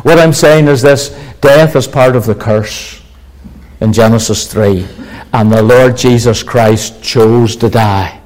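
A man delivering a sermon in an emphatic, declaiming manner. He swells into exclamations and then drops back, slowing down to lean on key words. His pitch sits in a moderate, middle range. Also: a little mellow, poor audio. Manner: emphatic, rising to exclamations, slow deliberate stress. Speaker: preacher.

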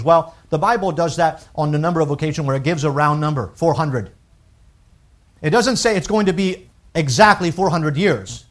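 A man preaching a sermon, emphatic and swelling to loud peaks on key points. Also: fairly high pitch, expressive, a little fast. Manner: emphatic, rising to loud peaks when quoting scripture and critics. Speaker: pastor.

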